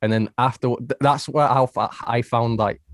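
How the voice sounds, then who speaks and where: A man hosting a podcast, telling stories in an animated way, laughing often. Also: mid-range voice, normal speed, no room sound, clean studio sound. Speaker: podcast host. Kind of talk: casual storytelling.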